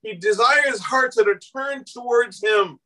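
A male pastor preaching a sermon, telling a story with animated delivery, acting out quoted voices and rising to shouts at times. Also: extremely high pitch, a little slow, distant mic, poor audio.

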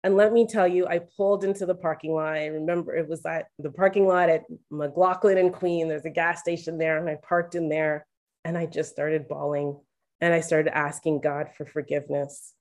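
A woman speaking to listeners about her faith, telling a candid personal story in an animated, confiding way. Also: sits low, normal speed. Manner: animated, confiding, acts out quoted voices; addresses listeners directly as "guys".

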